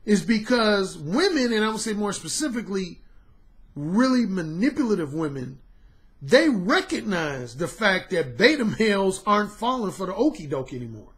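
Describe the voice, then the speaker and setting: A man hosting a podcast, a dating coach delivering an animated, profane storytelling monologue. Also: high voice, moderate pace. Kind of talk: casual monologue commentary.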